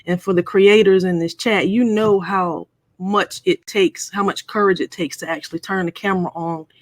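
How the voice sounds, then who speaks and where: A woman's voice: mid-range voice, fairly even intonation, normal speed, no echo. A middle-aged woman hosting a casual live stream, chatting and playfully teasing viewers.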